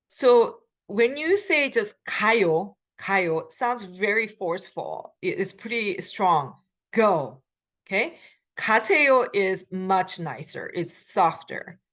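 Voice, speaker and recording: A middle-aged woman giving a recorded language lecture as the instructor, explaining patiently with frequent ums and pauses. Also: on the low side.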